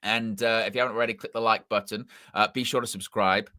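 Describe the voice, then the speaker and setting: A man's voice: on the low side, steady tone, fast talker, pushed and bright, dry recording, studio quality. A man hosting a football fan stream in casual live chat, with a mixed English accent, rambling and repeating himself as he corrects his words. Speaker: football channel host.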